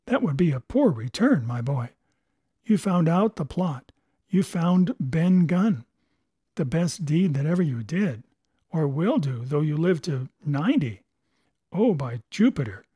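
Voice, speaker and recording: A man's voice: on the high side, mellow, breathy edge, no room sound. A man voicing an earnest, stern-kind doctor. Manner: earnest, exclaiming, urgent. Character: stern but kindly older male doctor.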